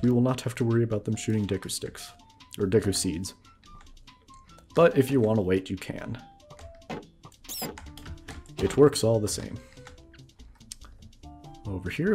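A man's voice: lowish voice, mellow. A man giving casual let's-play commentary, chuckling and explaining as he plays. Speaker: gamer.

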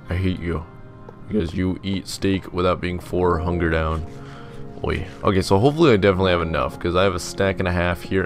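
A young man giving casual, rambling gameplay commentary, joking about himself and mimicking his commenters. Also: low-pitched. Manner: chatty, rambling, self-mocking, mimics commenters in silly voices. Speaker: gaming video host. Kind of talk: casual let's-play commentary.

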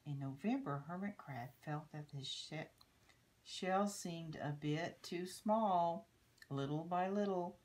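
An older woman reads a children's picture book aloud, unhurried and gentle. Her voice sits low, and she stops often to point at the pictures and teach little lessons along the way. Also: rough recording. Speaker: storybook reader.

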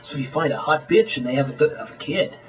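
A man doing a crude, deadpan comedy monologue in a rambling way. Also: a little high, fast talker, far from the mic, low-quality recording. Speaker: amateur comedy video maker.

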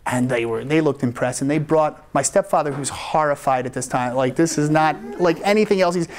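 A man, a rabbi, telling a personal story live at a story slam, animated and laughing often as he acts out the quoted lines. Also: a little high, brisk, a little hiss or hum. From United States. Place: event stage before an audience.

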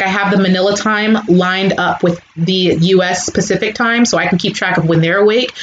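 A chatty young woman hosts a live stream, talking to her viewers in a casual way. The recording is a little dull and roomy, with a faint hiss behind her. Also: medium pitch. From California, USA. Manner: chatty, animated, reads out viewer comments. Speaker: YouTuber hosting a live stream.

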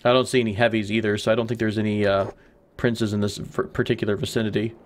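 A man's voice: fairly low pitch, level tone, quick pace. A man hosting a let's play, giving casual gameplay commentary, chatty and rambling as he thinks aloud.

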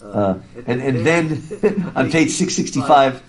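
A male literature professor giving a classroom lecture, lively and laughing, reading passages aloud with animated voices. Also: mid-range voice, slow. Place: classroom with students. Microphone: masked, recording his class.

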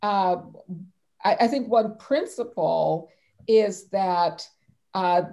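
A woman panelist in an academic discussion, answering in a slow, deliberate way. Her tone is dark and mellow, and she often restarts her sentences as she works through an idea. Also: mid-range voice, vocal fry. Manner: measured, thoughtful, with frequent restarts.

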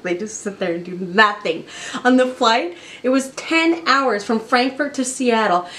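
A woman who breeds dogs, chatting casually on her vlog in a gushing, chatty way with lots of fillers. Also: mid-range voice. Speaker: dog breeder and channel host.

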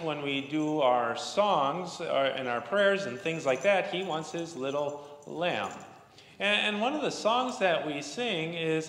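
A pastor in his thirties speaks gently to children, telling a story with halting restarts. His voice sits a little high for a man. It rings through a roomy chapel with a long reverb tail. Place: church chapel.

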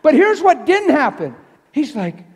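A man preaching in a church, his voice sitting high for a man. He tells stories with animated swings from hushed, near-whispered lines to loud, laughing shouts. The live sanctuary gives his voice a long, ringing reverb. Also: unhurried, some chatter behind. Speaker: traveling preacher. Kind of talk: sermon with storytelling.

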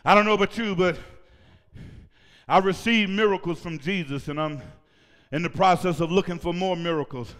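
A male pastor preaching a sermon in a church, shouting at times and leading call-and-response with the congregation. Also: high-pitched, normal speed. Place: church sanctuary. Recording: reverberant church hall.

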